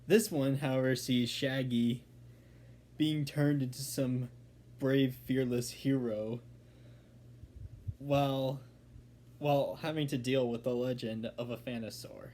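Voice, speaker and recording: A man at a middling pitch, reviewing a film in a relaxed, unscripted way. He rambles, restarts his sentences and fills the gaps with "like" and "um". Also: slow pace, pauses often. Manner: rambling, fillers and restarts, chuckling. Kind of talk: casual video review.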